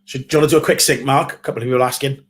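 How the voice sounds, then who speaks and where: A man's voice: mid-range voice, fairly even intonation, very fast. Laid-back man giving brief replies. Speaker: football watchalong co-host. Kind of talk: casual live football chat.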